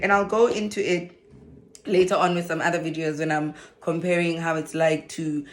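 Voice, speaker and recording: A woman's voice: lowish voice, normal speed. A South African woman talking casually to camera as a vlogger, telling her story with lots of laughter. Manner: animated storyteller, laughs often. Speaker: vlogger and social worker.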